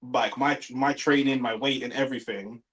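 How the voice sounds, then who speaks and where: A young man hosting a live stream, talking in animated, argumentative banter. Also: mid-range voice. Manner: quick, animated, argues his point. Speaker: host of a live watch-along stream. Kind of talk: casual banter.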